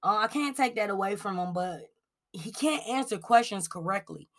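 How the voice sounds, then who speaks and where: A woman's voice: medium pitch, normal speed. A woman from Cleveland hosting a celebrity gossip podcast, chatty and casual, filling her talk with "like" and "um". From Cleveland, Ohio. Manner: chatty, lots of "like" and "um", animated asides.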